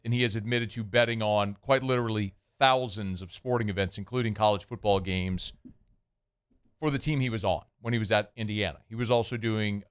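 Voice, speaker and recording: A man with a fairly low voice hosts a sports talk radio show from a studio. His monologue is casual and wry, and he rises into worked-up bursts. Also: smooth. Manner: conversational, wry, gets worked up.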